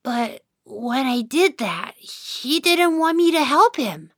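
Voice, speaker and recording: A sulky little boy mouse tells his storybook tale in a high, bright, sing-song voice. He speaks slowly and clearly, close and dry, grumbling and sighing between giddy bursts. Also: big pitch swings, no echo, full character voice. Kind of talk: first-person storybook narration.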